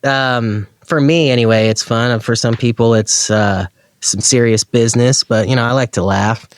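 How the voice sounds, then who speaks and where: A man being interviewed as a guest on a podcast, easygoing and quick to laugh. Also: medium pitch, fairly even intonation, no room sound. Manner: easygoing, laughs often, says dude. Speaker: guest, pedal builder. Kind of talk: casual interview chat.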